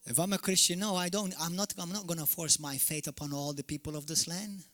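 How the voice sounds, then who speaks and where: A man from Malta preaching a fiery sermon as pastor, swinging from shouted peaks to sudden quiet drops. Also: a little high, fairly even intonation, fairly quick. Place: church hall.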